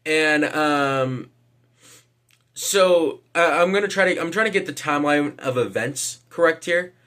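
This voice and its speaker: A man's voice: a little high, a little slow, bright, forceful tone. Hesitant man giving casual vlog commentary. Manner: hesitant, lots of fillers, casual swearing. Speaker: vlogger.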